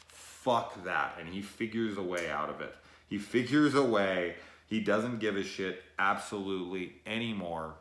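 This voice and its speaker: A man's voice: sits low, fairly bright tone, reverberant. A man giving a rambling, profane spoiler review of a film, retelling scenes with feeling and quoting characters' lines.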